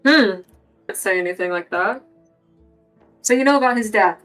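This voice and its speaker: A woman's voice: mid-range voice, moderate pace, a bit bright, soft background music, rough recording. A woman playing a tabletop game in a casual, blunt way, swearing and pressing with questions. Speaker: player. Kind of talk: casual tabletop role-play.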